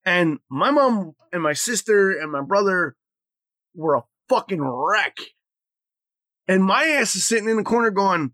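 A middle-aged man with a high-pitched voice chats as a podcast co-host, blunt and full of swearing. The sound is dry and close, with no room echo. He moves between loud bursts and quiet, reflective stretches. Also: expressive, measured pace. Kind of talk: casual chat.

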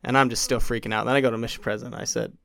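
This podcast guest is a young man with a medium-pitched voice and vocal fry, talking rapid-fire through a long, casual story. He acts out others' quotes animatedly and fills his speech with "like."

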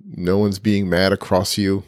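A man's voice: low-pitched, little pitch movement, unhurried, no echo, studio quality. A man co-hosting a podcast, telling stories in an easygoing, joking way. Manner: easygoing, jokey storytelling. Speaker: podcast co-host. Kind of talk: casual chat.

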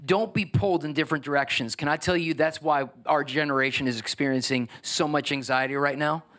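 A man preaching a sermon, building to emphatic, energetic exhortation. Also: on the high side, a little fast. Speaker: pastor.

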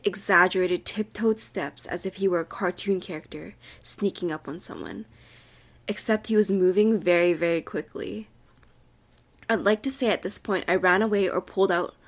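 A young woman with a soft, breathy voice reads a creepy story aloud for a podcast. She drops to a near whisper whenever the tension builds. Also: on the low side, normal speed. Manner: drops to a whisper at tense moments. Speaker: podcast co-host reading a story. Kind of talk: dramatic horror story reading.

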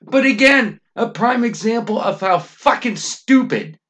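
A man's voice: very high-pitched, lively intonation, measured pace, fairly bright tone. A middle-aged Canadian man hosting a podcast, ranting angrily with constant swearing and emphatic outbursts. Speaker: podcast host. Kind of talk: profane ranting monologue.

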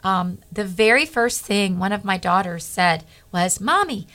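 A middle-aged woman, a guest on a Christian talk show, telling a personal testimony in an earnest, animated way and acting out the dialogue. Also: mid-range voice, measured pace.

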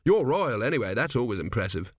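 A man's voice: medium pitch, big pitch swings, quick pace, dry recording, studio quality. A man voicing a chatty young merchant's son who rambles on eagerly about business, in an audiobook. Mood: eager chatter. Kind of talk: audiobook character voice.

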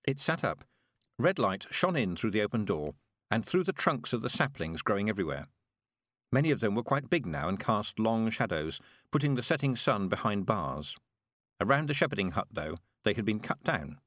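Guy reading a fantasy novel aloud, really lively voice, dead dry sound. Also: on the low side, normal speed, no room sound. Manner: expressive storytelling. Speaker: audiobook narrator. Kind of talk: scripted narration.

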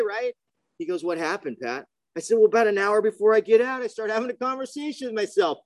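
A man sharing his recovery story in a casual, slangy way, bouncing between narration and acted-out dialogue. His voice sits fairly high, and the sound is dry and close with no room echo. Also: brisk. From grew up near the ocean. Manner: animated storytelling, slangy, acts out quoted dialogue. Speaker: recovery meeting speaker.

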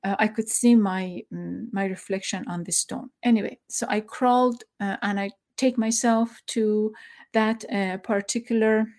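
A middle-aged woman tells a personal story. She speaks haltingly and emotionally, stopping to search for words and using many fillers, and sounds close to tears. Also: medium pitch, fairly even intonation, darkish tone. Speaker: former journalist.

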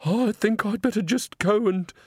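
A man's voice: sits high, normal speed, husky, no echo, clean studio sound, voice pushed up. A man voicing a nervous old woman bar attendant in an audiobook, flustered and hesitant.

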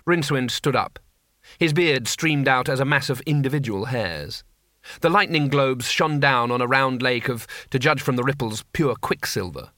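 A man reads an audiobook aloud, telling the story expressively in scripted narration. His voice is mid-range and his pace moderate, with clean, studio-quality sound and no echo.

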